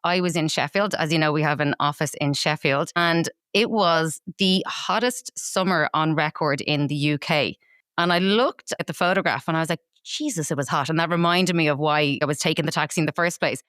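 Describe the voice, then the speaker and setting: A woman's voice: sits low, fairly quick, fairly bright tone, clear, resonant tone, no room sound, studio quality. A woman co-hosting a podcast, telling a fond travel story in a casual chat, with some laughter. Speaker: podcast co-host.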